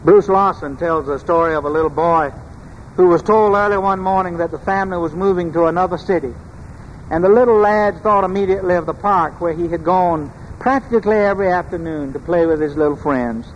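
A high-voiced man preaches a measured, emphatic sermon, pausing on rhetorical questions. His voice echoes through a large church with long reverb over a faint hum, and the sound is lo-fi.

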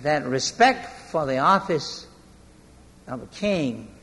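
Bright-voiced male preacher in a hall. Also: on the high side, lively intonation, slight background noise. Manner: storytelling, slowing for emphasis. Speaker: pastor. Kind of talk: sermon. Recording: long hall reverb.

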